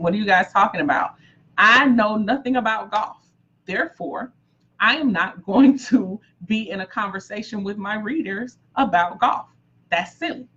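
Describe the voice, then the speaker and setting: A woman's voice: medium pitch, a bit bright. A woman coaching aspiring authors in a live-streamed talk, emphatic and repetitive as she drives her points home. She breaks off to greet viewers by name. The audio is dull and lo-fi. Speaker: book coach.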